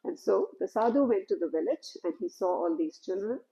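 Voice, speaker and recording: A woman telling a spiritual story in a gentle, unhurried, conversational way. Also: mid-range voice, animated, creaky, muffled recording.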